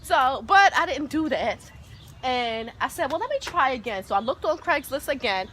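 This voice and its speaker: Animated woman telling a story. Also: high-pitched, moderate pace, slight background noise. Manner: animated, dramatic retelling with loud acted-out quotes. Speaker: vlogger. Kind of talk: storytelling vlog.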